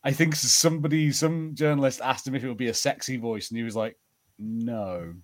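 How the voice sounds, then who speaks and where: A man's voice: mid-range voice, flat delivery, fast talker. A man co-hosting a podcast, chatting casually with frequent laughs and hesitant ums. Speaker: podcast co-host.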